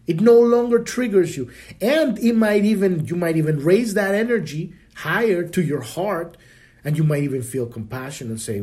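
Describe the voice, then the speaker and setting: High-voiced man giving a spiritual talk. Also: moderate pace, darkish tone. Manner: casual, swears freely, many restarts. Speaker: podcast host.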